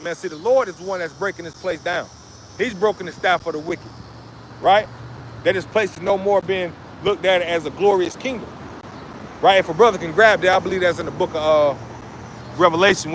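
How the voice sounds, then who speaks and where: Man, street preacher, high voice, slangy and loose, traffic and outdoor noise behind. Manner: preaching in slang, lots of "man" and "you see".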